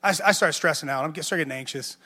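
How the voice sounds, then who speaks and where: Bright-voiced man preaching in a hall. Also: on the high side, rapid-fire. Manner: conversational, self-mocking, repeats words when excited. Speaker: pastor. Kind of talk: sermon storytelling. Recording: music under a long hall echo.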